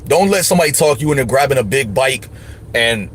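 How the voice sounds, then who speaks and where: A man's voice: medium pitch, animated, a little fast, a little hiss or hum. A man hosting a livestream, giving emphatic, slangy advice in casual chat. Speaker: livestream host.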